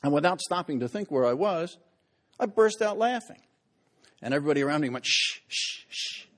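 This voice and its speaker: Speaking a little fast in a slightly high, expressive voice, the historian delivers his comic lecture. His anecdotes poke fun at himself, and he performs the quoted voices loudly.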